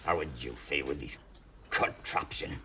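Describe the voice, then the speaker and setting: An actor playing a stubborn, bitter old man from Darlington who is dying in hospital and speaks with a Northeast English accent, gruff, curt and short of breath. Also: rumbling low, a little slow, pushed and bright, slight background noise, heavily acted. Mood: weary. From Darlington, northeast England. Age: older. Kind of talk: television drama acting.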